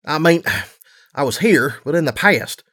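A guy as a tired mama pony, gruff but soft on her kid, low and plain. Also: lively intonation, unhurried. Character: weary mother mare pony, gruff but loving.

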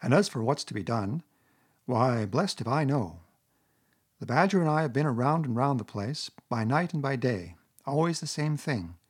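A man's voice: mid-range voice, lively intonation, moderate pace, husky. A man voicing a homely, blunt male mole who grumbles and talks plainly. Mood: grumpy. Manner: bluff and grumbling.

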